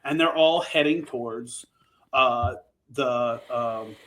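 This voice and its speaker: A man hosting a podcast, recapping a book in a casual chat, animated and swearing freely. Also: medium pitch, slow, low-quality recording. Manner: animated, profane, full of restarts. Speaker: podcast host.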